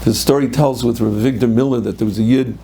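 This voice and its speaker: Gravelly rabbi telling a story. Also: male voice, mid-range voice, steady tone, quick pace, background noise. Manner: storytelling, acting out quotes, sprinkled with Hebrew and Yiddish terms. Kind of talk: sermon.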